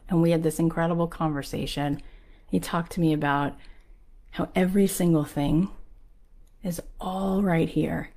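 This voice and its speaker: A woman podcast host telling a motivational story in an animated way, full of quoted exchanges. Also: sits low, normal speed. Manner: animated, acts out quoted voices.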